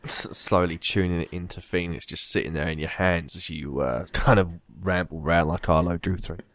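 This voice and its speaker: Low, dry-sounding male co-host making wry interjections. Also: fairly even intonation, moderate pace, a bit bright, dry recording. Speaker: podcast co-host. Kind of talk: casual comedy podcast chat.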